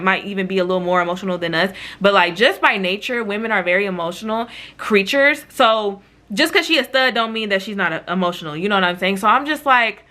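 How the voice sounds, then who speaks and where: A woman telling a story in a casual vlog, animated and chatty, talking straight to her viewers. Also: mid-range voice. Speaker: vlogger.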